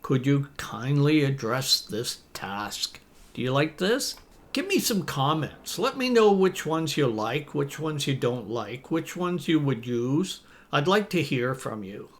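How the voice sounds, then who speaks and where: A man in his fifties teaching business English phrases to camera, reading example lines slowly and deliberately in an encouraging tone. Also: fairly high pitch, expressive.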